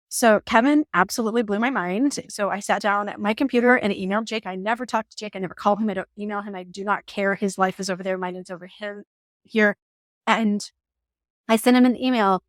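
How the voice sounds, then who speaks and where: A woman vlogger in her forties tells a personal story with animation and emotion, laughing now and then. Her medium-pitched voice is fairly quick, and the dry recording has clean studio sound.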